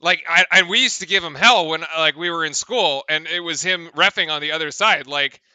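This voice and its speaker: Young male fan-streamer, high-ish bright voice, exasperated play-by-play, dry close mic. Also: brisk, clear, resonant tone, no echo. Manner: exasperated, incredulous, laughing at calls, rambling restarts. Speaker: streamer doing live play-by-play. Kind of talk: live fan commentary.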